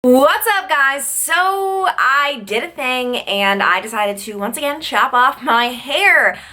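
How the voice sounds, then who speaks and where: Brief: young woman vlogger, bright, forceful tone, chatty and tired, lots of "like.". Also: high-pitched, lively intonation, slow. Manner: chatty, peppered with "like" fillers. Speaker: vlogger and news reporter. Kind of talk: casual vlog chat.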